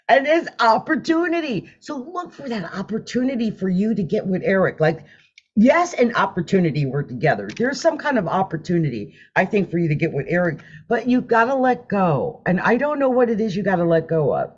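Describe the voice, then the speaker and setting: Woman tarot reader, lively swooping voice, chatty, dull lo-fi sound. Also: medium pitch, brisk, husky. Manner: chatty, animated, laughs often, hums while drawing cards. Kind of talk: live-stream card reading.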